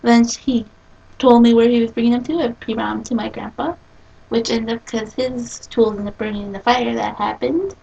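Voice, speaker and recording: A young woman with a fairly high voice tells rambling stories and giggles often. Her voice is gravelly and husky. She sounds set back from the microphone. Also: steady tone, moderate pace, dark tone, lo-fi sound. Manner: giggly, rambling storyteller acting out quotes. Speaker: vlogger. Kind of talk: casual chat. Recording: distant from the mic.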